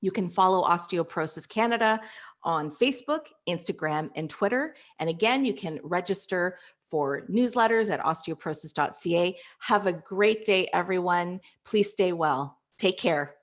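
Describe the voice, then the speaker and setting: Hosting a webinar over a video call, a woman cheerfully thanks people and shares announcements. Her voice sits on the low side and is expressive, delivered at normal speed in an echoey room.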